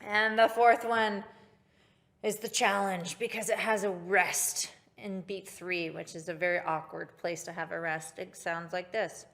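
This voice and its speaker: A woman's voice: on the low side, flat delivery, measured pace, creaky, noisy background. A woman music teacher giving an upbeat online recorder lesson, speaking directly to her pupils.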